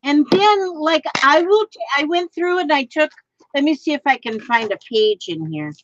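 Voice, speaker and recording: High, lively-voiced woman, slow talker. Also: no room sound, muffled recording. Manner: enthusiastic, laughs easily. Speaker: livestream co-host. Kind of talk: casual craft livestream chat.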